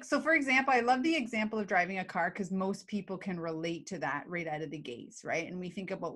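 A woman's voice: lowish voice, quick pace, few pauses. A woman, a guest expert on emotional intelligence, talking in a casual live video chat and acting out examples as she explains. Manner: animated, explains with acted examples.

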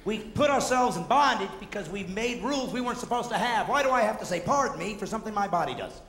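A man performing energetic, mocking stand-up comedy on stage, acting out the voices he quotes. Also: high voice, fast. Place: theater stage before a live audience. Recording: roomy hall with audible audience noise.

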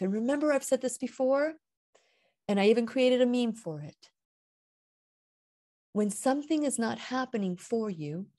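A woman with a mellow, medium-pitched voice hosts a radio show, delivering an earnest, heartfelt inspirational talk about faith. Her delivery rises and falls with emphasis.

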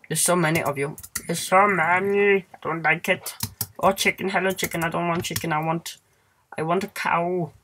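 A man's voice: on the high side, pushed and bright, slight background noise. Goofy rambling man narrating his game. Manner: goofy and rambling, hums and sings to himself, squeals at monsters. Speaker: let's play gamer. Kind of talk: casual gameplay commentary.

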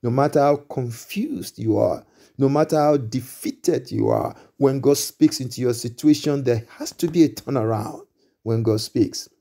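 A man preaching a sermon with a warm, mellow voice. He builds his points through repeated refrains and stumbles into restarts. He breaks out in emphatic exclamations between them. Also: mid-range voice, a little slow, gravelly. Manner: repetitive preaching cadence with stammered restarts. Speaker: pastor.

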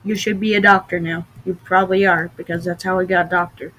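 A woman giving casual gameplay commentary with excitable, dramatic outbursts, sometimes trying out odd voices. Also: lowish voice, a little fast, rough recording. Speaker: gamer.

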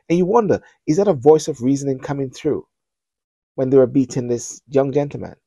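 A middle-aged man talks to camera as a show host, pressing his point with earnest, repeated appeals. His voice is mellow and a little husky. The sound is dry and close. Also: mid-range voice, animated, moderate pace, dry recording. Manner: earnest, repetitive, preacher-like appeals. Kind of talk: spoken commentary.

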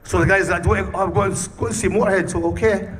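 A punk band singer with a high, steady, slightly bright voice talks quickly in a casual interview, telling rowdy stories, swearing nonstop and bursting into laughter. He's picked up by a distant mic with faint background noise.

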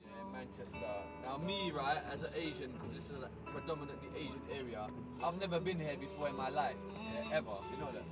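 A man's voice: medium pitch, a little fast, hardly any pauses. A young man chatting in slang and joking around as he films a road-trip video diary from inside a car. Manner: slangy, chatty, jokey banter, lots of filler tags. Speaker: vlogger and performer. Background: loud music.

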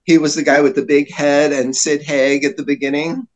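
Guy telling wild stories on a podcast, kinda high voice, does little voices for people. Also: normal speed. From New Jersey. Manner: animated anecdotes, slips into voices for other people. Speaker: guest. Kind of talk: casual storytelling.

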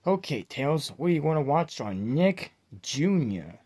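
A man's voice: fairly high pitch, sing-song, unhurried, darkish tone. A man voicing a playful male hedgehog who teases his friend and hesitates with fillers. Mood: teasing.

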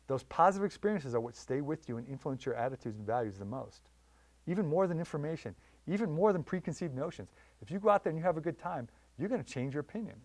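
A man giving a public lecture on wildlife conservation in a library, telling stories with lively voiced quotes. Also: mid-range voice, dry recording. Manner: animated storytelling with voiced quotes.

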